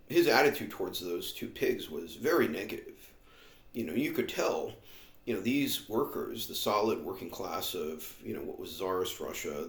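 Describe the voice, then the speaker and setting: Low-voiced sardonic rambling man. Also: fairly bright tone, reverberant. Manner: sardonic, filler-heavy, meandering. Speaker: vlogger. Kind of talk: rambling casual monologue.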